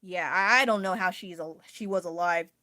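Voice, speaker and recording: A woman's voice: fairly low pitch, moderate pace, bright, forceful tone, dry recording, clean studio sound. A woman with an American accent chatting casually on a livestream, rambling and laughing often as she answers her chat. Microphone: phone.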